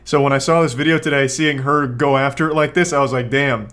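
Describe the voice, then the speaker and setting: A young man talks in a dry, deadpan way, sarcastic and unhurried, with casual swearing mixed in. His voice sits at an ordinary middle pitch for a man. He rambles through fillers as he comments on a clip. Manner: relaxed, unhurried storytelling with frequent fillers. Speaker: YouTube commentator.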